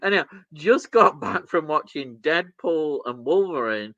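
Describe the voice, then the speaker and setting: A man's voice: on the high side, lively intonation, measured pace, bright, forceful tone, dry recording. A man, co-hosting a live stream, chuckling as he reads out chat messages. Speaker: stream co-host reading chat. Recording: dull, dry sound.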